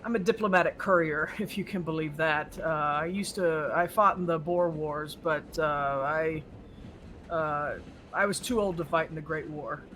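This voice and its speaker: A man's voice: fairly high pitch, moderate pace, a bit bright, slight background noise, natural voice. A man voicing a jovial older male courier who is tired of politics and talks readily.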